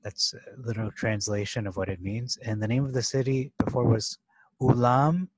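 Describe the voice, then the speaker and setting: A man's voice: medium pitch, steady tone, moderate pace, husky, dry recording, low-quality recording. Man, casual scripture study, thinking aloud, punches key words, dry recording. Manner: thinking aloud, many fillers and restarts, stresses key words. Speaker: Bible teacher.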